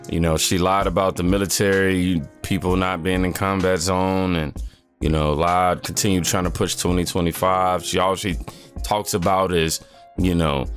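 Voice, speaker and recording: A man with a very low, deep voice hosts a casual reaction video, talking straight to his audience in loose slang. Soft music sits faintly behind him. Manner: animated, slangy, talks straight to viewers. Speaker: reaction channel host.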